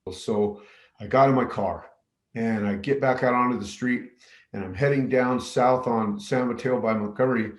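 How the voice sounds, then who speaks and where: A man's voice: medium pitch, fairly even intonation, moderate pace, echoey room. A man, a middle school teacher from New Mexico, telling a personal story with many fillers and restarts. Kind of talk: personal story told to camera.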